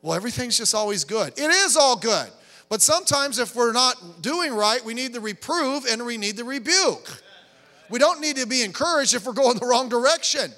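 A man's voice: extremely high pitch, lively intonation, moderate pace, sharp tone. A middle-aged man preaching a sermon as pastor, emphatic and conversational, often restarting his sentences. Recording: reverberant hall, faint music behind.

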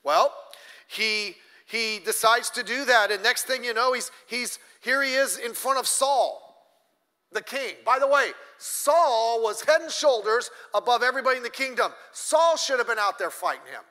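A man's voice: very high-pitched, moderate pace, sharp tone. A middle-aged man preaching a sermon, telling a story with acted-out lines and blunt, joking asides, coughing now and then. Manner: storytelling, acting out characters' lines. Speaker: pastor. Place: church. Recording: long hall reverb.

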